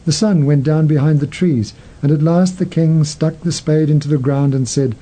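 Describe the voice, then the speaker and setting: A man hosting a show, narrating a story in a measured, gentle way. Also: on the high side, fairly even intonation, rough recording. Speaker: host.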